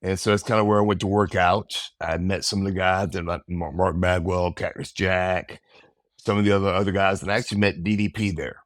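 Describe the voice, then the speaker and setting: A man in his fifties, a guest in an interview, telling stories in a relaxed, rambling way and acting out quotes. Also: low-pitched, fairly quick, no echo, studio quality. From American South. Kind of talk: casual storytelling.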